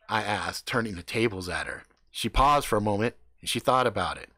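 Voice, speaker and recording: A man improvising a crude comedic story, animated and playful, recorded close on a mic. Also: fairly low pitch, normal speed, no echo.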